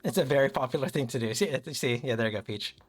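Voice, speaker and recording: A man's voice: mid-range voice, quick pace, soft background music. A man giving a casual tarot reading on a livestream, talking loosely and checking in with listeners. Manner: loose and chatty, peppered with "kind of" and "right?". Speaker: tarot reader and streamer.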